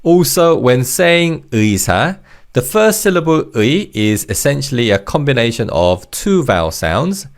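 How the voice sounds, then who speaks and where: A man teaching Korean vocabulary in English, explaining word parts and leading repeat-after-me drills in a patient, encouraging way. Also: medium pitch. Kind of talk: language lesson narration.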